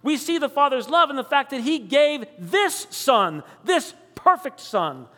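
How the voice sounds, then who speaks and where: A man delivers a sermon in a high, bright voice that rings out across a big room with a long reverb tail. He builds his points through rhetorical questions, slowing down to stress the key words. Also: sing-song. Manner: dramatic, rhetorical questions, slows for emphasis. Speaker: preacher.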